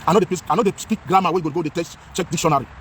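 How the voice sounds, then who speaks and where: Vlogging outdoors as a talking head, a Nigerian man mixes English with Pidgin, speaking passionately and repeating himself a lot. His voice is on the high side and he races along, with slight background noise.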